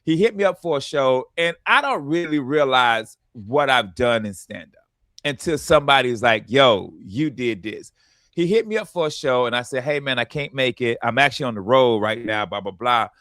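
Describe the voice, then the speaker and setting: A man hosting a radio comedy show, telling stories in a casual, animated way and acting out what people said to him. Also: medium pitch, fairly quick, no echo. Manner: animated storytelling, acts out quotes.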